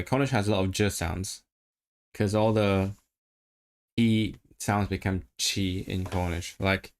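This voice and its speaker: A man casually chatting on a language-learning livestream, musing aloud, answering chat and practising rolled R sounds. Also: fairly low pitch.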